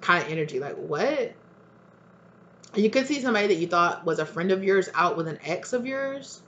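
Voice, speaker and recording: A woman's voice: fairly low pitch, lively intonation, quick pace, fairly bright tone, muffled recording. A woman giving a casual tarot reading, talking in a loose, chatty way and acting out what friends might say. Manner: chatty, acts out quoted friends with lots of "like". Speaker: tarot reader.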